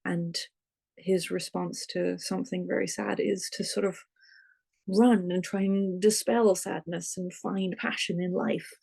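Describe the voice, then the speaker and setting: A very gravelly, husky voice with a mellow, dark tone, belonging to an author in an interview. They speak reflectively and unhurriedly, stopping often with soft fillers as they hunt for the right phrase. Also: medium pitch, flat delivery, a little slow. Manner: thoughtful, searching for words, many fillers. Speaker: author, guest.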